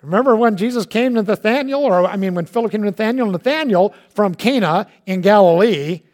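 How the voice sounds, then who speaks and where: A man preaching a sermon. He tells the story in a lively way, with casual asides, and swings from loud and emphatic to hushed and quiet. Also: sits high, fairly quick. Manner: colloquial asides.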